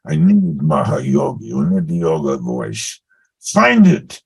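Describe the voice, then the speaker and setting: Man doing a scolding director, impatient, husky, gravelly, slow. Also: extremely low pitch, huge pitch swings, darkish tone, pitched below the performer's own voice, full character voice. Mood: exasperated. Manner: scolding, exasperated. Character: impatient demanding male studio director.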